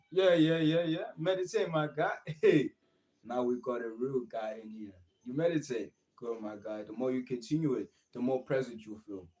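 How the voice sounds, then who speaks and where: Brief: young male streamer, encouraging and repetitive, mid-pitched, casual motivational talk. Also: darkish tone, rough recording. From South Africa. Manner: earnest, encouraging, repetitive phrasing. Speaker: livestream host.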